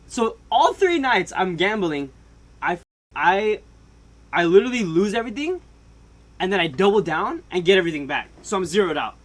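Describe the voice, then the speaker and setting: Animated storytelling guy, slightly high voice. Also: moderate pace. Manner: animated, swings between loud outbursts and hushed asides; laughs often. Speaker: vlogger. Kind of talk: comedic storytime.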